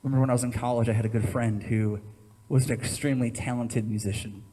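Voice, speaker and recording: Husky-voiced male pastor preaching. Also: medium pitch, fairly even intonation, fast talker, dark tone. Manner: storytelling, acting out quoted voices with rising intensity. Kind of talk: sermon.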